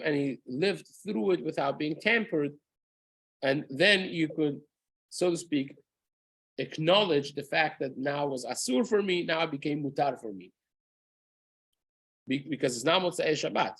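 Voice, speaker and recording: Husky-voiced rabbi teaching a lesson. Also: male voice, fairly high pitch, a bit bright, dry recording, rough recording. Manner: explanatory, with frequent restarts and "right?" checks; drops into chanting Hebrew verses. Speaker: rabbi teaching a daily halacha class. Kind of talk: casual Torah lesson.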